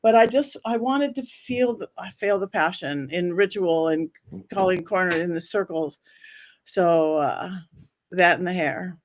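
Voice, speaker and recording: A woman's voice: on the low side, measured pace. A woman hosting a casual panel chat, talking hesitantly with many restarts and fillers. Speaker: podcast host.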